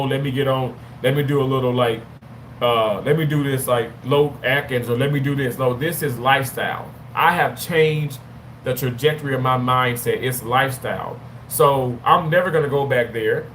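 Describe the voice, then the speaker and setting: A man in his thirties telling a personal story to camera in a casual, animated way, often repeating and restarting his words. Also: a little high, a little hiss or hum. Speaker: vlogger.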